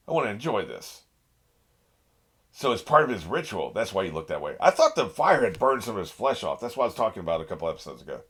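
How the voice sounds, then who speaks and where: A man hosting a casual anime reaction, his lowish voice bright and forceful. His pitch swings widely as he gets hyped, and he laughs and swears back at the screen. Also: slightly rough. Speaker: reaction channel host.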